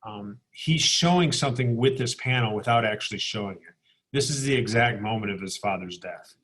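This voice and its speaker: A man's voice: lowish voice, fairly quick, a bit bright. A man teaching an art class, walking students through comic book pages in a recorded lecture, explaining as he goes and often restarting phrases. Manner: explanatory, with frequent restarts and "okay?" check-ins. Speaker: art instructor.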